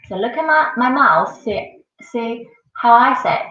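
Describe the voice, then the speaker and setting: A woman teaching a class of children, speaking slowly and repeating each sound many times for the pupils to copy. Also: fairly high pitch, animated, fairly bright tone. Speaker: Mandarin teacher. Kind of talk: classroom language lesson. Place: school classroom. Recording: far-off mic in an echoey classroom, dull sound.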